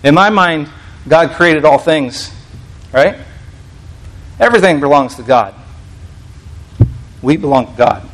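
A man's voice: fairly high pitch, lively intonation, slow pace, pauses often, a bit bright, low-quality recording. Man giving a casual sermon. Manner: reads scripture aloud, frequent restarts, conversational asides. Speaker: preacher. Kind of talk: sermon teaching.

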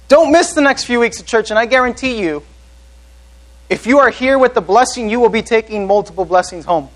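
Pastor, male, high voice, earnest sermon delivery with questions to the room. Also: expressive, brisk, poor audio. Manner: earnest preaching, asks the congregation questions.

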